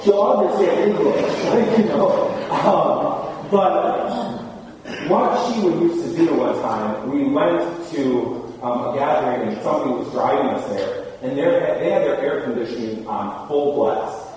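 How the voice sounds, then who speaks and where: A man's voice: fairly high pitch, darkish tone. A man preaching a casual, conversational sermon, full of fillers, and laughing easily. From Michigan. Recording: very echoey hall, far from mic.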